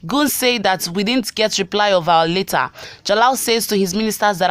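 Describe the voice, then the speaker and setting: A woman's voice: mid-range voice, moderate pace, clean tone, dry recording. A woman narrating an episode recap for her channel, reading the scenes and quotes out plainly.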